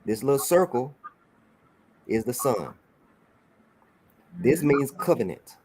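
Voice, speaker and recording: A man's voice: mid-range voice, sing-song, slow, noisy background. A man teaching a religious class over a broadcast, often saying "all right" and checking that his student follows along.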